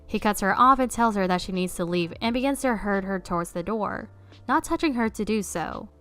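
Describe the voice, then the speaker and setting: A woman narrates online stories in a steady read-aloud. Her voice sits at a middle pitch. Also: brisk, faint music behind.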